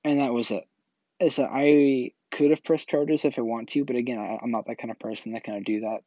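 A man's voice: mid-range voice, steady tone, fairly quick, warm tone, dry recording. A man casually telling a personal story, rambling with lots of filler words and restarts. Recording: dull, slightly lo-fi dry recording.

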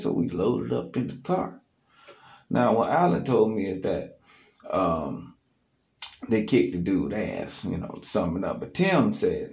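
A man casually telling a story on his podcast, loose and animated, with plenty of fillers, recorded alone in an echoey studio room. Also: on the low side, unhurried, gravelly.

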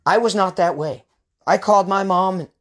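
A man in his thirties telling a comedic personal story in an animated, casual, slangy way. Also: high voice, normal speed.

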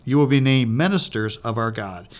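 A woman's voice: a bass voice, animated, normal speed, a little mellow. A woman co-hosting a faith podcast, reading scripture aloud steadily and giving short replies in chat. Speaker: podcast co-host.

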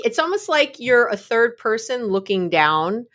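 Her voice sits a little high, and she talks at normal speed with hardly any pauses. She's a middle-aged guest expert on mindfulness chatting casually, laughing as she acts out small scenes and quotes in lively stories.

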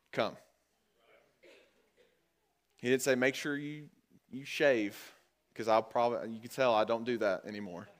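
A man preaching a sermon to his congregation in a conversational way, calling them guys and getting louder and higher when he drives a point home. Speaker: pastor. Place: church.

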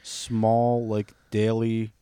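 A man co-hosting a comedy podcast, swearing and joking with crude humour, humming tunes and breaking into loud bursts. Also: fairly low pitch, completely flat delivery, drawn-out words, clean tone, dry recording, studio quality. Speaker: podcast co-host. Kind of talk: casual comedic chat.

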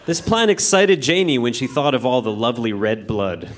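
A man reading his own childhood story aloud to a live audience, in a deadpan, mock-dramatic manner. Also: mid-range voice, normal speed, background noise. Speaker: reader. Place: live show in a music venue.

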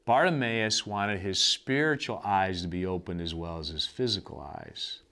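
A man's voice: low voice, moderate pace, pushed and bright. A man preaching a sermon in a conversational, storytelling way, acting out the quoted voices.

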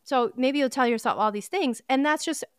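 A woman's voice: high voice, brisk, smooth, no room sound, clean studio sound. A woman hosting a personal podcast, talking in an earnest, candid and encouraging way, often restarting her sentences. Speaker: podcast host. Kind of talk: personal motivational podcast talk.

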